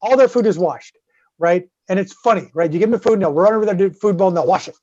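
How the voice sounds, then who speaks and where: A man with a Southern US accent, swearing freely as he tells an animated story in casual podcast chat. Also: high voice, quick pace, no room sound. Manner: profane, animated storyteller with many "right?" tags. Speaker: guest co-host. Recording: slightly dull lo-fi dry sound.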